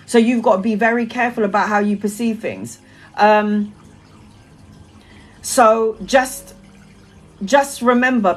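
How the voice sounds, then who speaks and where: A woman talking casually to her followers about spirituality, animated, laughing and swearing freely. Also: fairly high pitch, rough recording. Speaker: spiritual content creator. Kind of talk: casual monologue to camera.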